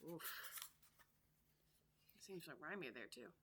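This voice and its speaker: A woman's voice: lowish voice, fairly even intonation, normal speed, vocal fry, sharp tone, slight background noise. A woman teacher reading a classic storybook aloud and chatting casually between passages to explain the words.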